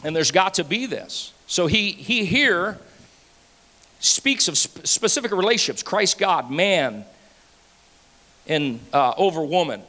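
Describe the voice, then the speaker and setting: Pastor mid-sermon, lively and rhyming, bright forceful tone, church hall echo. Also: male voice, high-pitched, takes it slowly, long pauses. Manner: animated, rhyming and playful, swings between loud and hushed. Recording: hall reverb.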